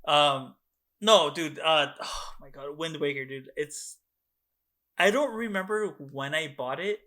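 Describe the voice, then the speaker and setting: Young male co-host, bright and excitable, swears freely, casual video-call podcast. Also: fairly high pitch, a little slow. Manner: excitable, swears a lot, animated storytelling. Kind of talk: casual chat.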